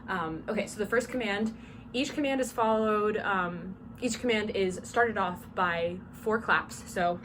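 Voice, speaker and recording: A woman's voice: mid-range voice, measured pace. A young woman from South Georgia with a Southern accent, casually teaching drum major commands with plenty of "um" fillers. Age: young adult. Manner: chatty, with frequent "um" fillers and spoken demonstrations of commands. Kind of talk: casual instructional talk. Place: small dorm room. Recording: small room with clear background noise.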